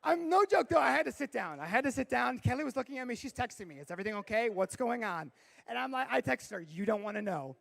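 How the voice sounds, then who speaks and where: A man giving a lively youth sermon, his voice sitting high for a man. He tells stories with big swings, dropping low and then shouting out the punchlines. A gravelly edge runs through his voice. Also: fast. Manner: animated storyteller, bursts into shouting for effect. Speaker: youth pastor.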